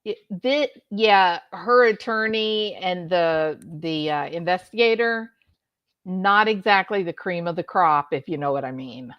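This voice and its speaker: A woman's voice: lowish voice, a little slow, clean tone, no echo, highs cut off. A woman host giving mocking, sarcastic commentary on a court hearing.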